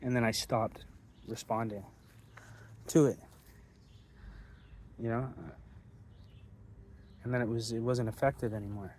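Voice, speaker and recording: Young man, outdoor phone vlog, medium pitch, intense preachy rant, boastful, heavy swearing. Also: fairly even intonation, a little slow, long pauses, darkish tone, slight background noise. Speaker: vlogger. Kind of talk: profane street-talk rant. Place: outdoors in a public street.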